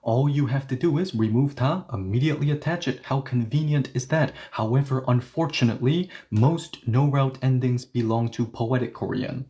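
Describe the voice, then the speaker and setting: A man's voice: medium pitch, normal speed, hardly any pauses, mellow. A man teaching a grammar lesson, explaining each step and asking questions that he then answers himself. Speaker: Korean language teacher.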